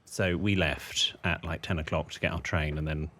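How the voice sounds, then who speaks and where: A man co-hosting a podcast, chatting casually and telling animated anecdotes, often slipping into other people's voices. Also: very deep voice, normal speed. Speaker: podcast co-host. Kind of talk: casual chat.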